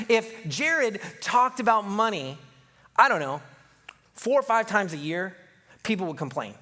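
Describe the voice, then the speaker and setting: Guy preaching, pretty high voice, chatty and jokey, does little voices for people. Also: very animated, moderate pace, long pauses, a bit bright. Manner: conversational, jokey, acts out quoted voices. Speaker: pastor. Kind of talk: sermon.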